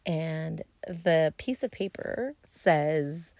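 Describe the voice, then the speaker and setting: A woman's voice: sits low, lively intonation, very slow, a little mellow, no room sound. A woman hosting a podcast, telling a casual story in a rambling way, swearing freely and using lots of fillers. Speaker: podcast host.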